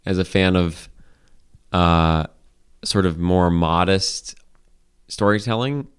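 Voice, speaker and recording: A man's voice: low voice, slow pace, smooth. A man co-hosting a podcast in casual chat, rambling with lots of "like" and frequent swearing. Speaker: podcast co-host.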